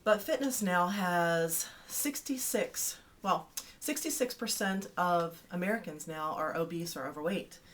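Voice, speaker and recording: Woman in her thirties, fan-newsletter host; chatty, teasing, a touch low-pitched. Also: measured pace, a little hiss or hum. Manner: chatty and playful, teasing asides. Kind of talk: casual vlog to fans.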